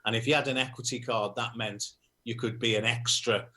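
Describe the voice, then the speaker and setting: A man from Liverpool with a Liverpool accent, a musician guest telling anecdotes in a relaxed, self-deprecating way. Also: mid-range voice, fairly quick. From Liverpool, England. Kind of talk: casual interview chat.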